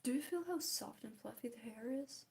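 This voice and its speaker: A woman chatting casually while she paints, self-mocking, often dropping into soft whispers. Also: fairly high pitch, a little fast. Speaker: art vlogger.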